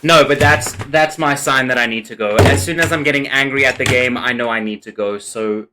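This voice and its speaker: A man's voice: medium pitch, fairly quick, background noise. A man giving casual gameplay commentary, rambling and swearing freely, often venting. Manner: swears a lot, flips from calm rambling to angry outbursts. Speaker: gameplay streamer. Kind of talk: casual let's play commentary.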